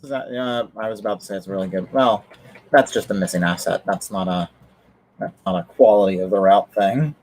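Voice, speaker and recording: A man's voice: on the low side, brisk, a little mellow, rough recording. A man chatting casually on a livestream, rambling with lots of fillers and restarts. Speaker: streamer.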